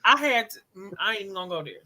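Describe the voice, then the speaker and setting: Lively bright-voiced woman. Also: mid-range voice, racing. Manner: lively, laughing easily. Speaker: co-host. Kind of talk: casual chat.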